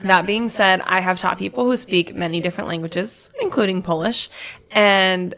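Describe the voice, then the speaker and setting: A woman co-hosting a podcast in casual chat, with vocal fry, explaining things like a teacher. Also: medium pitch, moderate pace, a bit bright. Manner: chatty, explains language points like a teacher. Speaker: podcast co-host.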